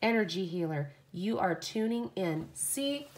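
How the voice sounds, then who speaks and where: A woman's voice: mid-range voice, lively intonation, a little slow, slight background noise. A woman hosting a live oracle card reading, effusive and exclamatory, reading card texts aloud and talking to her chat.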